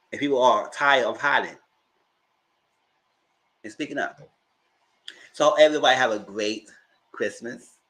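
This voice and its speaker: A man with hosts a casual livestream and talks straight to his viewers. His pitch sits in the middle but swings widely as he presses his points. He sounds emphatic and animated. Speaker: livestream host.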